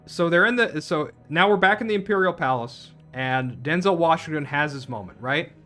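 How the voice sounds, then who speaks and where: Over soft background music, a man with a voice on the high side speaks expressively at a moderate pace, bright and forceful. As a film reviewer, he rants through a plot recap with plenty of swearing, restarts, and tangents.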